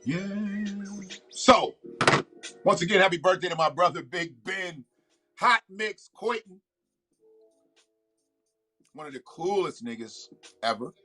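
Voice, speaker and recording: Livestream host, male, bright forceful tone, slightly raised pitch, faint music underneath. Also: expressive, takes it slowly, pauses often. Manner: loose, profane, talks back to viewers. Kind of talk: casual livestream chat.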